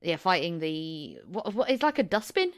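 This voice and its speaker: A woman in casual podcast conversation, rambling and slipping into playful mock quotes. Her voice sits low for a woman and sounds smooth and clear, with a dry close recording. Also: big pitch swings, moderate pace, no echo. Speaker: podcast co-host. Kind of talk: casual chat.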